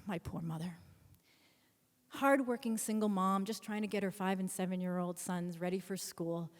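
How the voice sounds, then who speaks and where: Animated woman telling a story on stage. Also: medium pitch, normal speed. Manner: animated, acts out scenes with voices. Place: stage in a hall. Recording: long hall reverb from a stage.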